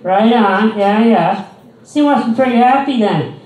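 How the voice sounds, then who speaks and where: A man's voice: sits high, measured pace, a little mellow, far from the mic, pitched above the performer's own voice. A man doing a gushing, nosy old lady. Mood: gushing, patronizing. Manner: gushing, sing-song, condescending. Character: nosy, patronizing older woman of about sixty. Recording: echoey room, mic heard from afar.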